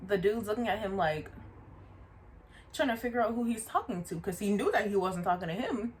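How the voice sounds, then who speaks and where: A woman vlogger telling a story in a casual, animated way, often stopping to remind the viewer of details. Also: mid-range voice, brisk, slight background noise. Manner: animated, chatty, repeats asides to the viewer.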